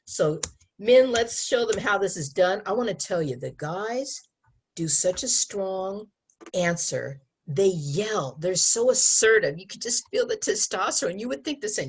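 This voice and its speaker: Husky woman giving a lively talk. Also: medium pitch, moderate pace. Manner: animated, acts out quoted lines, laughs often. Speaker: abstinence educator. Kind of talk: presentation to an audience.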